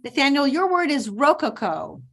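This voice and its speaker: A woman acting as spelling bee pronouncer, enunciating each word slowly and clearly over a video call. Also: sits high, sing-song, fairly bright tone. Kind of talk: reading words and sentences aloud.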